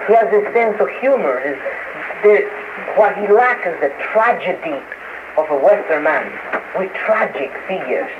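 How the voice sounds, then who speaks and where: High, animated man on crackly archival radio. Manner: halting, hesitant, many restarts and fillers. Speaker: interview guest. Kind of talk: casual interview talk. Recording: noisy lo-fi archival radio, phone-like.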